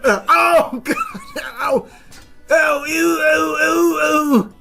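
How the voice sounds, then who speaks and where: A man giving let's-play commentary, yelling and swearing at the game, with dry low asides between outbursts. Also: steady tone, extremely slow, soft background music. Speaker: gaming video host.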